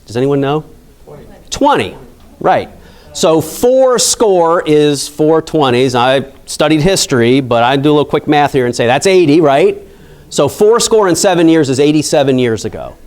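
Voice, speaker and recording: A man's voice: mid-range voice, a little mellow. A man from Pennsylvania, a national park site manager, giving a conversational history lecture to an audience, chatty and full of asides and questions to the listeners. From Pennsylvania, USA.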